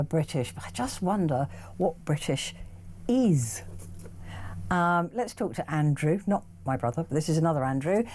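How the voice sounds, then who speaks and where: A woman's voice: mid-range voice, darkish tone, slight background noise. Chatty woman hosting talk radio. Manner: chatty, effusive. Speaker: radio host.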